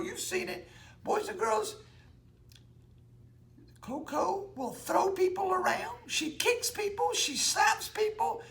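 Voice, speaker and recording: A goofy, laid-back cartoon slacker, as a performer puts him on, hosting a children's puppet show in a very high, lively, bouncing voice. He rambles and frets, and his tone is bright and edged with a gravelly crackle. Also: exaggerated voice. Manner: rambling, drawling, easily flustered. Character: goofy laid-back young man cartoon character, Shaggy.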